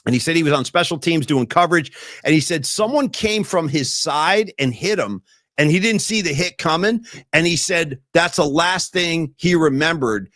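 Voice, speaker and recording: A man hosting a podcast, telling stories in an animated, emphatic way over casual chat. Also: on the high side, normal speed, no room sound, clean studio sound. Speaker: podcast host.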